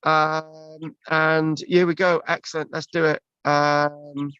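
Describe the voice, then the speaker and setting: A man's voice: on the high side, monotone, takes it slowly, sharp tone, clear, resonant tone, no room sound. Rambling man on a dull video call. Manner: rambling, many restarts and fillers. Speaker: presenter. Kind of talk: casual chat.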